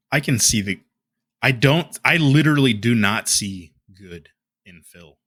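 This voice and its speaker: A man ranting through heated online commentary, fired up and full of insults. His voice is bright and forward, with a lively pitch that keeps jumping around. The sound is dry and close, with no room around it. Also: measured pace, no room sound. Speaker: commentary YouTuber.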